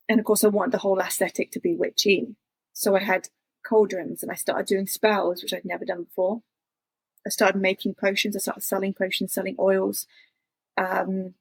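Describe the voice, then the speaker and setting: A woman's voice: mid-range voice, husky, dry recording. A woman, an interview guest telling a personal story in an intense, confessional way with many fillers.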